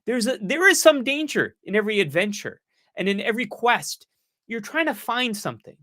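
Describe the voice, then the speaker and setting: Bright-voiced man answering viewer questions. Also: high-pitched, very animated, brisk, no room sound, studio quality. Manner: earnest, encouraging, with self-mocking asides. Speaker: psychologist hosting a live-stream Q&A.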